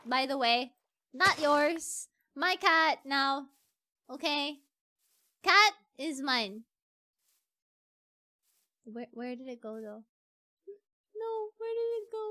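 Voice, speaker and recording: A woman streamer giving casual gameplay commentary, excitable and pleading as she coaxes a pet. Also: sits high, slow pace, pauses often.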